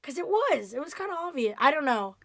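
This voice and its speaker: A woman's voice: sits high, sing-song, a little fast, a bit bright, no room sound, studio quality. A woman co-hosting a casual review chat, playful and teasing. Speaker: podcast co-host reviewing episodes.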